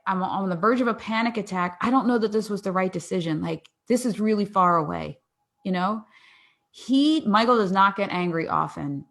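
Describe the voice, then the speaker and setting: A woman in her forties, a podcast guest, telling a family story in a lively way, acting out dialogue and often laughing. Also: mid-range voice. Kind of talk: casual interview storytelling.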